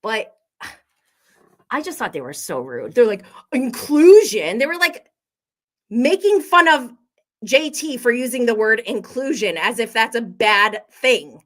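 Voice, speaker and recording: A woman's voice: fairly high pitch, very animated, measured pace, pauses often, fairly bright tone. An American woman hosting a casual reality TV recap, chatty and opinionated, with frequent fillers and laughter. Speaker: host.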